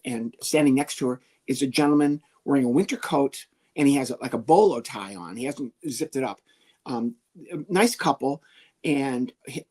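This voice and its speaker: A man, a comedian guest on an interview show, telling an animated story and acting out the people in it. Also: mid-range voice, husky. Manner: lively, animated, acts out the people he quotes.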